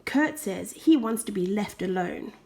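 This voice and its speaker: Slow, expressive woman reading a storybook. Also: mid-range voice, vocal fry, slight background noise. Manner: expressive, with soft whispered asides. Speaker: storybook reader. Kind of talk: reading a children's picture book aloud.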